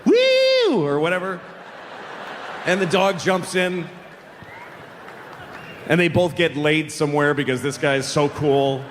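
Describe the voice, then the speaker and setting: A man doing live stand-up comedy, animated and acting out voices and sound effects. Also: a little high, measured pace, pauses often, a little hiss or hum. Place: large live comedy venue. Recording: reverberant live venue with faint ambience.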